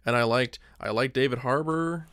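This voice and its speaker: A man's voice: mid-range voice, moderate pace, fairly bright tone, dry recording, studio quality. A man co-hosting a podcast, chatting casually about movies and rambling with lots of filler words. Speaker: podcast co-host.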